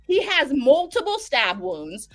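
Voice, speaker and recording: A woman recaps a show in a casual, animated way, swearing freely. Her voice sits high, with soft music faintly behind her. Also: a little slow, no room sound. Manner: profane, animated storytelling. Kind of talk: casual chat.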